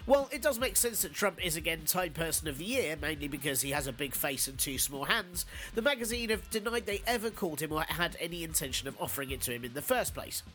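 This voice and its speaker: A man's voice: a little high, quick pace. A man hosting a podcast, stuffed up and nasal from a cold, delivering sardonic news jokes and casual chat. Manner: sardonic, deadpan jokes with fillers. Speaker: podcast host.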